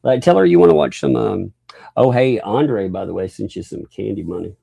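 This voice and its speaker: A man's voice: low-pitched, a little fast, vocal fry, dark tone, husky, dry recording. A father hosting a casual livestream, playfully joking and laughing while he talks with his young daughter. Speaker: livestream host.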